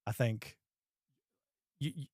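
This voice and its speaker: A man's voice: slow pace, no echo, studio quality. Scottish man chatting about films. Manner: animated, often restarts phrases. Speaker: host. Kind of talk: casual film review chat.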